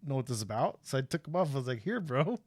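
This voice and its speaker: Animated storytelling man, dry close mic. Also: medium pitch, racing, no echo. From USA. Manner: animated storyteller who acts out quotes. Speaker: stream host. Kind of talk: casual storytelling.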